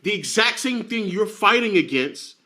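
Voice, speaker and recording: A man argues heatedly, forceful and profane, and hammers his points again and again. His voice sits high and rings bright. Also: expressive, normal speed. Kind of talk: heated argument.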